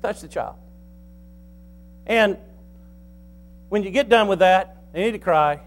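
A man preaching a sermon in a folksy, animated way, swinging between soft asides and loud emphasis. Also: high-pitched, slow pace. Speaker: pastor.

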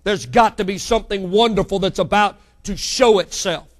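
Fervent male preacher, swinging loud and soft. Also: high voice, steady tone, normal speed. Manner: preaching with sudden loud climbs and hushed drops. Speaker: pastor. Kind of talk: sermon.

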